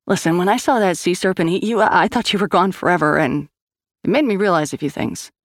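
A woman's voice: fairly low pitch, brisk, no echo, studio quality. A woman reading an earnest, worried friend. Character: worried, loyal young woman, blunt.

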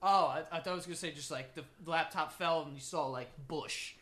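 A young man co-hosting a podcast from a makeshift home studio, joking loudly and crudely in casual banter. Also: on the high side, brisk. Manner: loud, joking, crude, animated. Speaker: podcast co-host.

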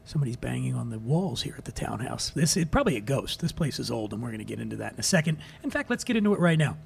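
A man's voice: mid-range voice, very animated, rapid-fire, gravelly, slight background noise. A man from Philadelphia hosting a drinks podcast, jokey and profane as he reviews bottles. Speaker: podcast host. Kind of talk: casual podcast monologue.

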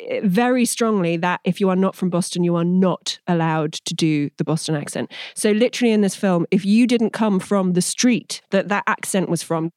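Lively English actress, interview guest. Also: female voice, lowish voice, dry recording, studio quality. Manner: lively, acts out quoted dialogue. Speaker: actor guest. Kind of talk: interview chat.

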